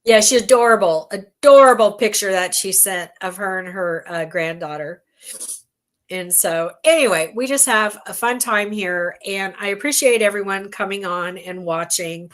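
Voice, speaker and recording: A woman's voice: medium pitch, normal speed, fairly bright tone. A middle-aged woman hosting a casual craft livestream from home, chatty and rambling, often laughing. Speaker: livestream host, bead weaver.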